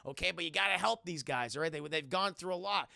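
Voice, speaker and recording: A man voicing an exasperated middle-aged male police commissioner who complains loudly and swears. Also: a little high, quick pace, creaky, dry recording, studio quality, full character voice. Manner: loud, exasperated, profane.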